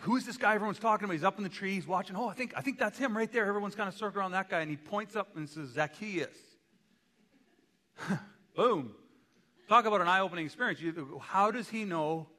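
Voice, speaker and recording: A man's voice: a little high, bright, forceful tone. A male pastor preaching a sermon in a church, conversational and dropping joking asides. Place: church sanctuary. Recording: long church hall reverb.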